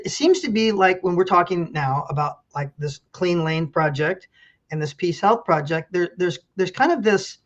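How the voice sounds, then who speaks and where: A man, a county commissioner, answering interview questions in a careful, measured way. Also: high voice, muffled recording.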